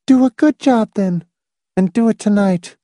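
A man voicing a tense middle-aged woman conspirator in an audiobook, speaking in a clipped, flat, urgent way, pitched well above his own voice. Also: a little slow, no room sound, studio quality.

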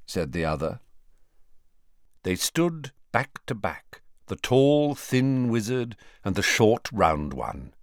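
A man reads a story aloud with slow, deliberate pacing and a lively, rising and falling delivery. His voice sits fairly low. The sound is close and dry, with no room echo. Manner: unhurried, expressive storytelling. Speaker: audiobook narrator. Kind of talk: scripted narration.

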